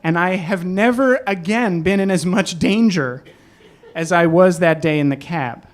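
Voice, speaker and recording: A man telling a personal story live on a club stage, animated and self-deprecating. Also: sits high, a little slow. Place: club stage in New York.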